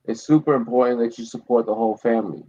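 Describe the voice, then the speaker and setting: A man hosting a casual late-night live stream, drinking and telling rambling, profane, animated stories. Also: mid-range voice, fast. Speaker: podcast host. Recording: dull lo-fi stream audio.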